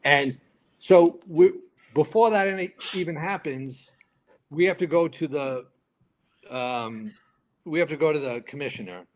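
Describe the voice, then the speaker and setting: A man in his fifties from New York, a retired firefighter and podcast guest, telling stories in a lively way and acting out other people's lines. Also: a little high, a little slow. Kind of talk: casual storytelling interview.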